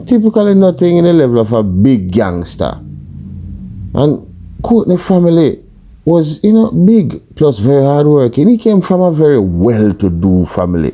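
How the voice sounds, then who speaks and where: A man's voice: lowish voice, gravelly, mellow. A man with a Jamaican accent telling a true crime story in a casual, colourful, conversational way.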